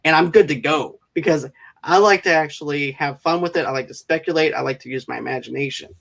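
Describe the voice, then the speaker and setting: A man's voice: fairly high pitch, gravelly, a bit bright. A man hosting a casual interview show, talking in eager, rambling runs. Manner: eager, rambling, quick bursts. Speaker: show host.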